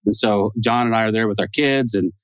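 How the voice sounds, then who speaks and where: A man's voice: lowish voice, a little fast, no echo. A man co-hosting a casual podcast chat, goofy and rambling, laughing often. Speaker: podcast co-host.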